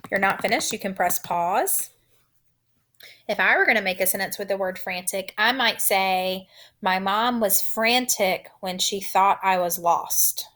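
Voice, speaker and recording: A woman teacher leads young children through a phonics lesson in a slow, unhurried voice. She sounds out each letter clearly and patiently, at a middling pitch. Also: a bit bright.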